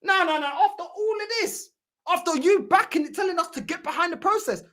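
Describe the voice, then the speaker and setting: A woman's voice: very high-pitched, expressive, brisk, fairly bright tone. A woman hosting a fan channel, giving mocking, heated reaction commentary and repeating her points.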